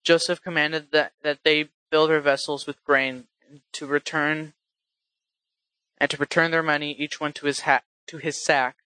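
A man reading scripture aloud in a halting way, often restarting and correcting himself. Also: on the high side, little pitch movement, pushed and bright, clean tone, no echo, low-quality recording. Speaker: scripture reader.

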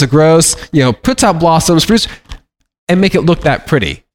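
A man's voice: fairly high pitch, expressive, normal speed. A middle-aged man giving informal Bible teaching to a congregation, talking conversationally with frequent restarts and acting out plaintive prayers.

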